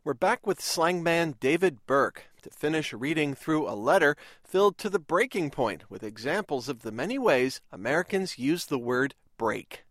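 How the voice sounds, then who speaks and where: A man hosting a radio program, presenting in a clear, measured announcer style. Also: a little high, lively intonation, fairly bright tone, no room sound, clean studio sound. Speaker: radio show host.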